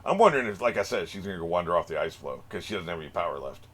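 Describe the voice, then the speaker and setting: A man's voice: low-pitched, very animated, racing, a bit bright, breathy edge. A man hosting an anime reaction video, cracking profane jokes and laughing often in casual commentary. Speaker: anime reaction channel host.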